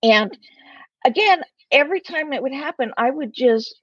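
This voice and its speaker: A woman in her sixties, an interview guest, telling a personal story in an animated way and acting out the voices in it. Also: high voice, normal speed, no room sound. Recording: slightly muffled, lo-fi.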